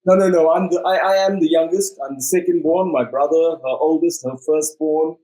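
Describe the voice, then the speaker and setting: A man's voice: on the high side, steady tone, moderate pace, dark tone, low-quality recording. A man with a South African accent, an actor guest bantering and joking through an interview. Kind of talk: casual interview chat.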